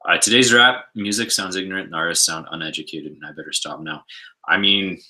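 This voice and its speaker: A man with a Canadian accent co-hosting a live stream, reading viewer comments and chatting in a relaxed, hesitant way. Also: deep voice, a little fast, low-quality recording. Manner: easygoing, hesitant, lots of fillers.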